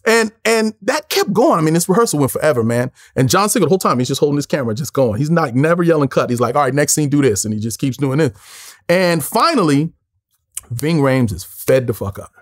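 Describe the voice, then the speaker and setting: A man in his forties from Los Angeles tells stories in an interview, acting out other people's lines and swearing freely. His voice sits fairly high and swings widely in pitch. The sound is close and dry. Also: animated, brisk, no room sound. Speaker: interview guest. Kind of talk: animated storytelling.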